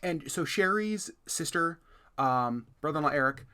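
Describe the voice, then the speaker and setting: Lively, bright-voiced man telling stories. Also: fairly high pitch, moderate pace, clean tone. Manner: animated, self-mocking storyteller. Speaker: podcast co-host. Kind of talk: casual chat.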